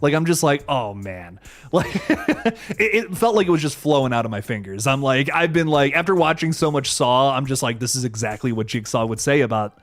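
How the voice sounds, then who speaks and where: Speaking a little fast at medium pitch with a bit of brightness, a young adult man hosts a live horror stream. His chat is laid-back and casual, peppered with swearing and restarts, faint music underneath.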